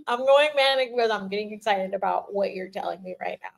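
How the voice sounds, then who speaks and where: An older woman signs off a casual livestream with a slightly high voice. She is playful and giggly, laughing often as she chats with her viewers as their spiritual teacher. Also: lively intonation, normal speed, gravelly.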